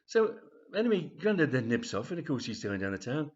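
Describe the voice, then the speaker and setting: Chatty, rambling storyteller. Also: male voice, medium pitch, big pitch swings, fairly quick, darkish tone, dull audio. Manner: rambling, chatty, many fillers. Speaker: author reading his story. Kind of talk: storytelling reading.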